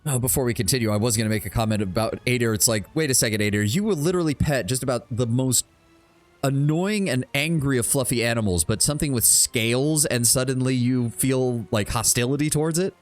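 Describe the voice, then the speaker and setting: A streamer with a medium-pitched voice, talking a little fast over faint music, casually commentates his game playthrough. He's blunt and chatty, swears freely, and reads dialogue choices aloud in this let's-play.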